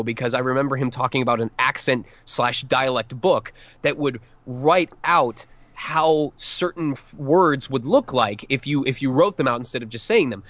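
A man's voice: mid-range voice, fairly bright tone, no echo, muffled recording. A man voice actor giving advice in a podcast interview, earnest and emphatic, restarting his sentences often. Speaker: voice actor guest.

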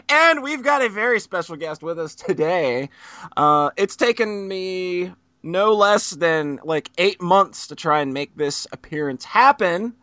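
A man's voice: high voice, expressive, takes it slowly, sharp tone, no room sound. A man hosting a podcast in a casual, teasing, joking way. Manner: joking, teasing, frequent laughs. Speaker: podcast host.

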